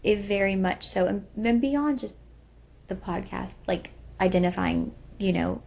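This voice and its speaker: Young woman cohost rambling earnestly, raspy voice with lots of fry. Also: mid-range voice, steady tone, unhurried, a little mellow. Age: young adult. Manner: earnest, rambling with many fillers. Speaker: podcast co-host. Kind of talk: casual emotional chat.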